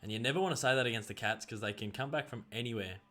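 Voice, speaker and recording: Excitable Australian man calling play-by-play. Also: mid-range voice, racing. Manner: excitable, rattles off player names and bursts into loud calls. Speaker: streamer commenting on a live game. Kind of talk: casual live play-by-play commentary.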